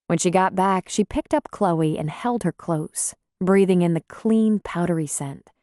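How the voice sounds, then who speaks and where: A woman narrating a romance audiobook in a measured storytelling voice. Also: on the low side, dark tone, no echo, studio quality. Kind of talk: scripted narration.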